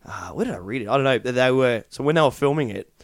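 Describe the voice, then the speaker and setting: A man's voice: mid-range voice, no room sound, clean studio sound. A man, a podcast co-host chatting casually and cracking jokes. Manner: animated, chatty, quick to joke. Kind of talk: casual chat.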